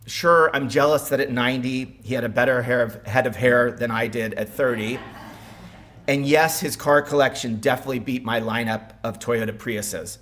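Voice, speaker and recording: A man's voice: medium pitch, normal speed, a bit bright. A man giving a eulogy at a funeral home as the son-in-law, speaking with wry humor and some stumbles.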